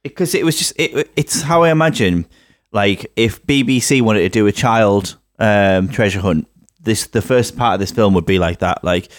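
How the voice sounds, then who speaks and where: A man, co-hosting a casual film review podcast and mocking the film with animated asides. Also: on the low side, normal speed, no room sound, clean studio sound. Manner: animated, mocking, swings into silly put-on voices. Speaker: podcast co-host.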